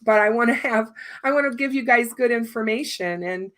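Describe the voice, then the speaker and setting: A woman's voice: on the high side, brisk. A woman hosting a livestream in casual chat, her voice strained and worn, talking on with many fillers. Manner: chatty, warm thanks, many fillers. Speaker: livestream host.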